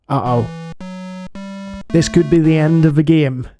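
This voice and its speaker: A man hosts a retro gaming channel and gives let's-play commentary full of jokey asides. His voice is gravelly and a touch high. Faint game music plays behind him. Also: fairly even intonation, moderate pace, mellow.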